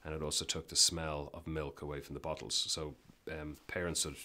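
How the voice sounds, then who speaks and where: Deep-voiced man telling animated business stories. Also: fairly quick. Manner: animated, emphatic anecdotes with many restarts. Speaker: business guest. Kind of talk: casual interview storytelling.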